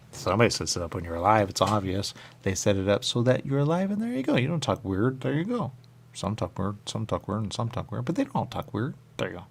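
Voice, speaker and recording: A man hosting a radio show, rambling through a spiritual monologue with a repeated refrain and sudden high voices when he quotes others. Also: creaky. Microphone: radio studio mic.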